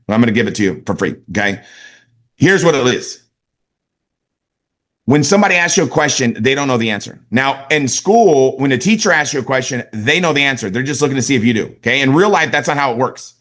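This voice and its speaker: Fast-talking upbeat man coaching a sales team. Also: mid-range voice. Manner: energetic, conversational, keeps checking in with the audience. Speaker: network marketing sales trainer. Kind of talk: motivational training talk.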